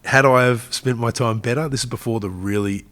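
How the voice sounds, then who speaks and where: An Australian army veteran in his forties appears as a guest on an interview podcast, telling stories in a chatty way and laughing often. His medium-pitched voice is steady, brisk, and a bit bright, fitting the casual storytelling interview.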